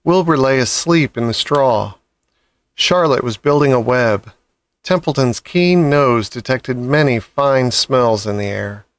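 A man reading a children's novel aloud with calm, measured storybook narration. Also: medium pitch, no room sound. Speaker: audiobook reader.

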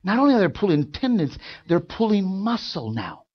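A man preaching a sermon in a church, building from quiet, drawn-out lines to loud, fervent shouting. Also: high-pitched, very animated, breathy edge, muffled recording. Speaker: pastor. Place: church sanctuary.

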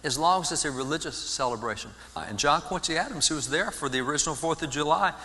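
A man giving an animated sermon-style history talk in a church, often restarting his words. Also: fairly high pitch, fast talker. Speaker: guest speaker on history. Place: large church sanctuary. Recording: long church reverb.

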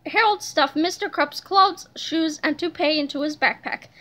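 A woman narrating a children's book aloud in a lively storytelling manner. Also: sits high, moderate pace, a little hiss or hum. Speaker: reader.

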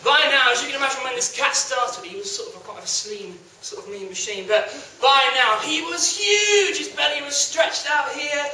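Young man telling a lively folk tale. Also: very high voice, moderate pace, few pauses, a little hiss or hum. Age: young adult. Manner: lively, animated. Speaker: storyteller. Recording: echoey hall from a distance.

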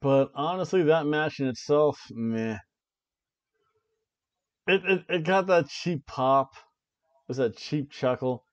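A man's voice: a little high, takes it slowly, pauses often, no room sound. A man hosting a wrestling review podcast, recapping the show in casual chat and laughing often as he goes. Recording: dull lo-fi dry recording.

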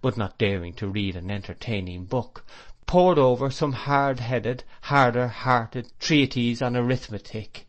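A man narrating a classic novel as an audiobook, in a measured, reflective, expressive reading voice. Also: mid-range voice. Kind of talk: scripted literary narration.

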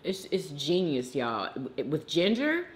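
A woman's voice: sits low, slow. A woman hosting an eating show, chatting casually and effusively and talking straight to her viewers. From United States. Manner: animated and effusive, talks straight to viewers as "y'all".

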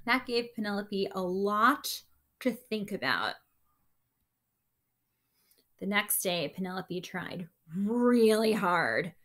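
A woman reads a picture book aloud to children in a bright, animated voice, breaking off for chatty asides to her young listeners. Her pitch is fairly high and she takes her time. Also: takes it slowly, pauses often. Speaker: story time reader.

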